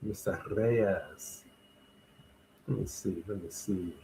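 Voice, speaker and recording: A man's voice: low-pitched, slow pace, gravelly, noisy background. A man co-hosting a live wrestling watch-along, chatting casually and animatedly as he reads out viewers' greetings and weather. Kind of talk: casual live-stream chat.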